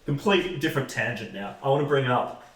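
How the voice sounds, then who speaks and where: A man's voice: medium pitch, lively intonation, brisk, a bit bright. A young man co-hosting a podcast, telling a story in casual chat with lots of fillers and restarts. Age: young adult. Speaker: podcast co-host. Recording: echoey room.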